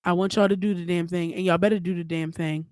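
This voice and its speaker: A woman's voice: fairly low pitch, steady tone, quick pace, a little mellow, dry recording. A young woman hosting her own podcast, talking alone in a candid, emphatic way and swearing freely. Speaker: podcast host. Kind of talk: solo podcast monologue.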